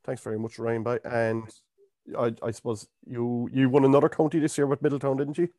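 A man's voice: mid-range voice, level tone, fairly quick, mellow, no room sound, clean studio sound. A man hosting a podcast, chatting casually about a film with lots of fillers and restarts. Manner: rambling, full of fillers and restarts. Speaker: podcast host. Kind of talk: casual film-review chat.

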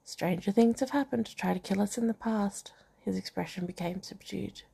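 A woman's voice: mid-range voice, normal speed, creaky, dark tone, breathy edge. A woman reading a novel aloud in a casual way, with asides and comments on the text. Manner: reads dialogue and narration, breaks off to comment and laugh. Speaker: reader of a novel.

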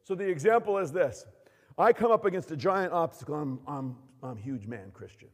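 A man preaching a sermon in a church hall. He acts out quotes and swings from shouting to hushed asides. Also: on the high side, lively intonation, brisk. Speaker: pastor. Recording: long hall reverb.

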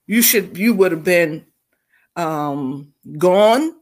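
Slow-talking animated woman co-host. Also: fairly low pitch. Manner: animated storyteller, acts out voices in anecdotes. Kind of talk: casual family podcast chat.

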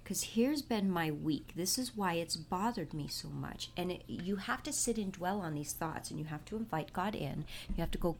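A woman's voice: on the low side, animated, moderate pace, few pauses, slight background noise. A woman talking casually to her viewers, confiding about her family and her faith. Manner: chatty, confessional, talks about faith. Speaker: vlogger and mother. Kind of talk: casual confiding vlog chat.

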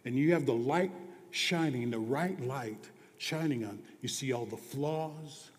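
A man preaching a sermon as pastor, earnest, moving between hushed and emphatic delivery. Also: mid-range voice, unhurried. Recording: long reverb of a large hall.

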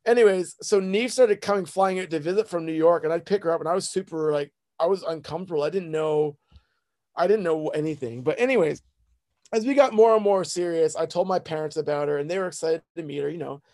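Talking fast in a higher, darkish-toned voice, a thirtyish man rambles through a self-deprecating personal story, frequently acting out people's quoted words.

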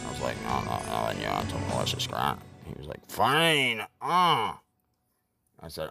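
A brash, foul-mouthed braggart, put on by a man, ranting and tossing insults. The voice is very low and unhurried, with music playing clearly behind it. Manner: insulting, boastful rants. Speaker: podcast host.

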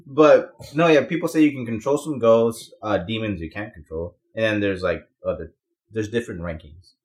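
A man in a casual podcast chat, talking with lively energy and frequent swearing. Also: lowish voice, moderate pace. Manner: animated, swearing, laughing often. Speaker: podcast co-host.

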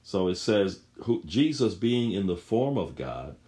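A man's voice: fairly low pitch, very animated, unhurried, dark tone. A man preaching a sermon, reading scripture aloud and repeating phrases with rising emphasis.

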